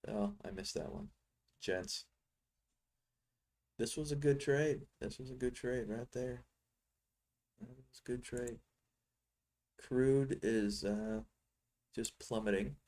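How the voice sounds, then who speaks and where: A man's voice: medium pitch, slow pace, pauses often, a little mellow. A middle-aged man giving rambling, teasing live commentary on his trading screen, thinking aloud as he goes. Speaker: futures trading software seller.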